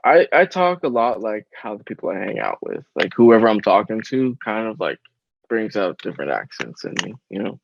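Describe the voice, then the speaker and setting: A man's voice: on the low side, sing-song, moderate pace, vocal fry, slight background noise. A man with a Southern Florida accent hosting a podcast in casual chat, rambling and laid-back, often trailing off mid-sentence. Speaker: podcast host. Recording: dry, dull lo-fi audio.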